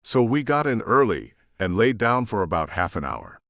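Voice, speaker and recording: A teasing, cheerful young woman in a romance audiobook, with a male narrator putting her on. The delivery is lively and swinging in pitch. It is recorded close and dry. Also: moderate pace, gravelly, dry recording, exaggerated voice.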